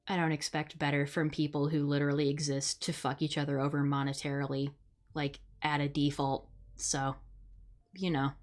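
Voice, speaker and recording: Low-voiced blunt woman streamer. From Midwest United States. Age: young adult. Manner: blunt, sarcastic, swears freely. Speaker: streamer host. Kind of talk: casual live-stream chat.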